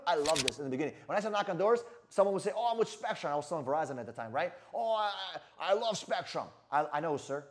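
A man giving an energetic sales coaching talk in a brash manner, swearing freely and often asking "right?". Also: on the high side, quick pace. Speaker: sales trainer.

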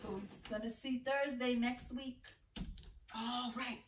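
A woman teaching young children in a slow, sing-song, encouraging way, often breaking into short songs. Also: a little high, steady tone, recorded from a distance, a little hiss or hum. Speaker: preschool teacher. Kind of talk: online circle-time lesson for young children. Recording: echoey room, voice a bit off-mic.

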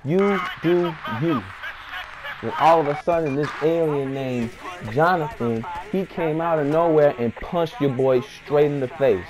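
A man's voice: fairly high pitch, normal speed, few pauses, crowd noise. A young man telling a comic story-time tale in a slangy, rambling voice, full of fillers and bursts of hype. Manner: hyped, acts out friends' voices in quotes. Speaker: storyteller vlogger.

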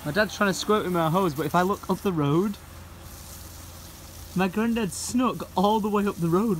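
A young man, chatting casually in a vlog around his house and garden, excitable and swearing freely. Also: high voice, moderate pace, a little hiss or hum. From England. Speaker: vlogger.

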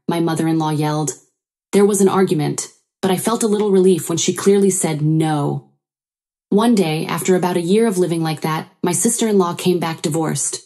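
A woman's voice: lowish voice, normal speed, mellow. A woman narrating a first-person story in an earnest, sorrowful way.

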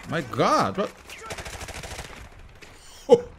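A man giving casual let's-play commentary, excitable, swearing often and shouting callouts. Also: a little high, very slow, gravelly, a little hiss or hum. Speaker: gameplay commentator.

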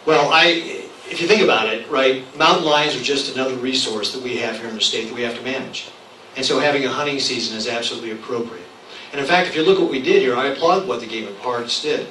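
A man answering as a candidate in a public debate, measured and assertive. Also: mid-range voice, sharp tone. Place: public hall. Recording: echoey room from far off, faint noise.

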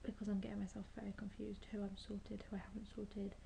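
A woman's voice: mid-range voice, completely flat delivery, fast, creaky, warm tone, slight background noise, rough recording. A young woman vlogging casually to her camera, rambling and self-mocking, sometimes whispering late at night. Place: indoors at work, then in bed at home.

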